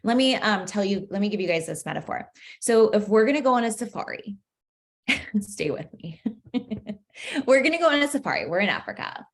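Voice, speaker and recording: A young adult woman, a manifestation coach, leads a casual masterclass in a chatty, playful style, laughing often and saying "like" constantly. She talks quickly at a medium pitch with big swings in intonation.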